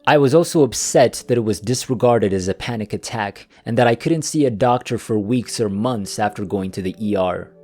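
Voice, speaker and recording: A man with a fairly low voice tells a first-person story in a calm, even, scripted way. Faint music plays softly behind him. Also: normal speed, few pauses. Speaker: narrator.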